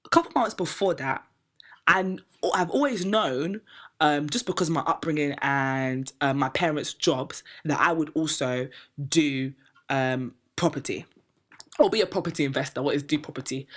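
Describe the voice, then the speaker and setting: A woman's voice: deep voice, normal speed. A woman tells a long personal story on a podcast in casual chat, acting out the people she quotes. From Nigerian heritage, raised in Britain. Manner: animated, acts out quoted people, laughs often. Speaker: podcast co-host telling a story. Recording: podcast mic, loud laughter.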